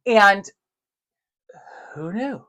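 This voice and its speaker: Speaking very slowly in a mid-range voice, this podcast co-host spins a casual story full of profanity. She's animated throughout and plays both parties in the dialogue herself.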